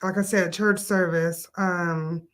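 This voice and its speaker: A woman who owns an adult day care business, explaining her services in a measured way with frequent fillers. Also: fairly low pitch, fairly even intonation, a bit bright. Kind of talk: casual interview answers.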